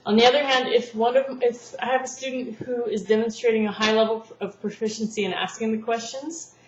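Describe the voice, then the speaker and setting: In a slightly high voice that moves a little fast with fairly even intonation, a woman teaching language therapy patiently explains her lesson plan. She acts out classroom examples as she goes. Faint noise runs through the roomy, dull lo-fi sound.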